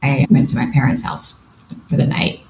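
A woman's voice: a bass voice, fairly even intonation, moderate pace, over music. A woman guest in a podcast interview, earnestly retelling a personal experience and voicing her own thoughts along the way. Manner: earnest, vivid retelling with quoted inner thoughts. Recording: roomy echo with faint background noise.

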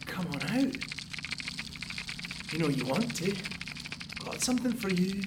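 A man's voice: high-pitched, very animated, a little slow, long pauses, very noisy. A man playing a paranoid sleepless tenant. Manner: muttering, taunting, paranoid, bursts into angry shouts. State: exhausted and sleepless. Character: paranoid sleepless male tenant, bitter and unraveling. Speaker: sleepless tenant hearing noises in the walls. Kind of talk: audio drama monologue.

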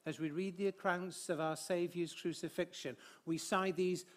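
Preacher, male, high voice, expressive sermon delivery that swells on key phrases. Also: normal speed. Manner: light humor with the congregation, sings hymn lines.

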